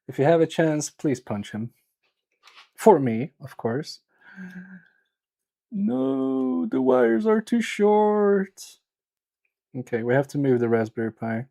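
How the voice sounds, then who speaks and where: Husky and dark, his mid-range voice carries casual talk as he hosts a live electronics repair session. He cracks self-deprecating jokes and mutters to himself while fixing things.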